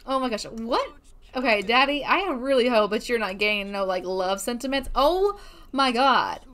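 Woman let's-play host, high and very lively, full of bubbly gushing commentary. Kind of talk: casual gameplay commentary.

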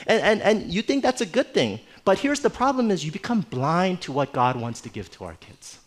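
Middle-aged male pastor, chatty sermon style, slightly high voice that moves a lot. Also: moderate pace. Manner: conversational, animated storytelling with playful asides. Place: church.

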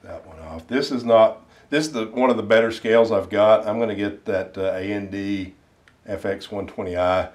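A man explaining his reloading gear in a casual, unhurried way, thinking aloud with plenty of fillers. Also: fairly low pitch, steady tone, far from the mic. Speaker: ammunition reloading hobbyist. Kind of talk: casual instructional talk. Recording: roomy sound, mic set back.

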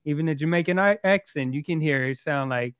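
A man in a casual podcast chat, explaining history at length in a steady, lecturing way. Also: fairly high pitch, brisk, crowd noise.

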